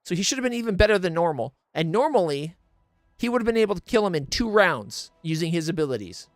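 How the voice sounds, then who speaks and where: A man's voice: sits high, very animated, fast, no room sound, faint music behind. A man streaming a game blind, ranting in exasperated, profane casual commentary into a desk mic.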